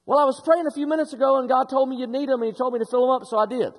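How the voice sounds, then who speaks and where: A man's voice: extremely high pitch, steady tone, rapid-fire, long reverb tail. A man voicing a devout retiring Air Force sergeant who tells his story earnestly. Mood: matter-of-fact.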